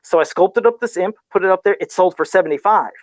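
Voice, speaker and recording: A man's voice: high-pitched, fast, no room sound. A middle-aged man in casual podcast chat, laid-back and self-deprecating, often laughing at himself while talking about toy customs.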